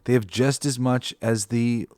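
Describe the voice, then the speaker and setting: A man's voice: mid-range voice, steady tone, a little slow, darkish tone, no room sound, clean studio sound. A man hosting a podcast in casual, rambling talk, swearing freely and thinking aloud with lots of fillers. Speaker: podcast host.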